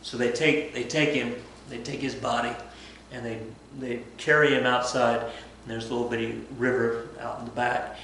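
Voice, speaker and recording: A man at a medium pitch tells a history story to his class in a casual, chatty way, often slipping into acted-out dialogue. His voice bounces around a very echoey room, with faint noise underneath. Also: moderate pace. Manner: chatty, animated, acts out dialogue. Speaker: history teacher.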